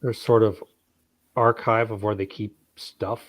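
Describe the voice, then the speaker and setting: A man's voice: on the low side, level tone, measured pace, no room sound. A man in a casual online chat, telling a story in a rambling way with many fillers and restarts. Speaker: guest in a geek chat stream.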